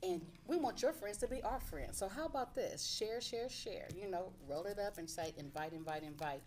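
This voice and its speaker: A raspy woman in her fifties from Compton, hosting a talk radio show with lively, playful, slangy banter. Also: medium pitch, normal speed. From Compton, California. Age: 50s.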